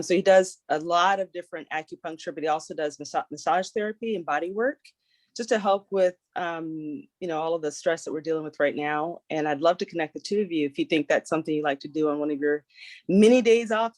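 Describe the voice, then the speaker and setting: Chatty woman in a practice call, low voice. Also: brisk, a little mellow, dry recording. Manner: friendly, chatty, many fillers. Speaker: networking group member. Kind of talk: practice referral call role-play.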